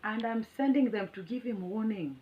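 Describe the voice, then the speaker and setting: A woman's voice: a little high, normal speed, narrow, tinny audio, a little hiss or hum. Dramatic Kenyan woman telling a story. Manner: dramatic, boastful, laughs often. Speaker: vlogger and teacher. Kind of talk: animated storytelling. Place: home. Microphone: phone camera.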